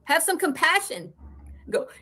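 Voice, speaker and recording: Woman host, high bright voice, scornful livestream rant with casual swearing. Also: big pitch swings, unhurried. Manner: scornful, sarcastic, addresses rivals directly. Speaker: drama commentary host. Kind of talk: ranting livestream commentary.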